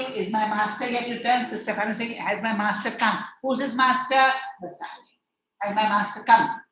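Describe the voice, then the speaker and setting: An English teacher with a higher, somewhat bright voice leads an online class through a play line by line. She rephrases every verse and quizzes her students. The lecture audio is echoey, distant and lo-fi, with slight background noise.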